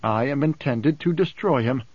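A man reading an audiobook, voicing a composed, wry man who speaks in a measured, deliberate way. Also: mid-range voice, husky, no room sound, lo-fi sound, lightly acted. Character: calm, cool-headed man, dryly amused.

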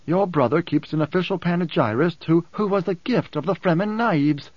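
A man voicing a calm, cryptic male advisor who lectures in a measured, composed way, in an audiobook. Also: a little high, dry recording, pitched above the performer's own voice, close to an everyday voice. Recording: dull dry close recording.

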